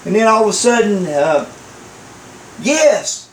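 A high-voiced man preaching in a church, his slow delivery ringing around an echoey room. He tells his story by acting out each voice and chuckles along the way. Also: darkish tone, slight background noise. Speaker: pastor. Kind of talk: sermon.

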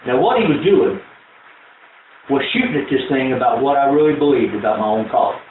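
A man preaching a sermon as a pastor, telling folksy stories and building to shouted exhortation. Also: medium pitch, sing-song, brisk. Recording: echoey, distant, tinny phone-like audio with faint noise.

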